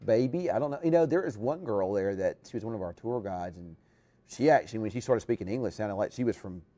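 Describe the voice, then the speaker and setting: A man with a low-set voice hosts a relaxed live chat, his pitch swinging widely as he talks. He rambles, restarts sentences and keeps the conversation going. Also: fairly quick. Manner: chatty, rambling, with lots of restarts. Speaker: live show host. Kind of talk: casual chat.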